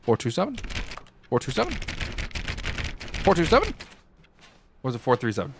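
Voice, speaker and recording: A man's voice: mid-range voice, huge pitch swings, moderate pace, background noise. A man streaming a video game, joking around and muttering to himself as he plays. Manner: laid-back, joking, mutters to himself while playing. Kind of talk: casual live game commentary.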